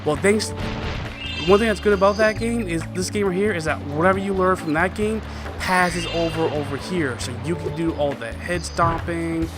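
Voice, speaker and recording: A man hosting a let's-play, chatting enthusiastically with his viewers about the game as he plays. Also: on the high side. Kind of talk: video game commentary. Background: game music.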